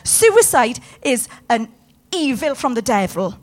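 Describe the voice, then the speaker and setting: A woman's voice: on the high side, very animated, slow pace. A woman preaching a sermon with passion, putting questions to her congregation. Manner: impassioned, talks to the room with questions.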